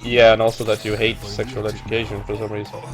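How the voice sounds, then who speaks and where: A man's voice: on the low side, little pitch movement, quick pace, soft background music. A man co-commentating a video game over a headset, dry and sarcastic. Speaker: let's play co-commentator. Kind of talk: casual gaming commentary.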